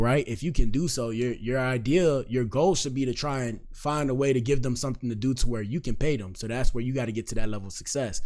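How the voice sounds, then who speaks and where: Brief: male host, mid-pitched, relaxed slangy commentary, shouts out chat. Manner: laid-back, slangy, addresses chat directly. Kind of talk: casual reaction commentary.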